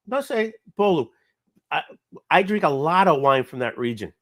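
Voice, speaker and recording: A man's voice: on the high side, big pitch swings, normal speed, a bit bright. A man in casual chat, emphatic and insistent when arguing a point.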